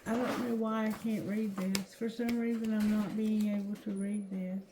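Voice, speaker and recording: A woman doing a tarot reading, reading card text aloud slowly and haltingly, correcting herself as she goes. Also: mid-range voice, little pitch movement, background noise. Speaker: tarot reader. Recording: roomy echo.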